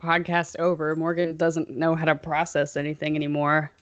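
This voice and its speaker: A woman's voice: low voice, monotone, normal speed, no echo, lo-fi sound. A young woman co-hosting a casual chat podcast, rambling and playfully sarcastic. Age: young adult. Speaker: podcast co-host.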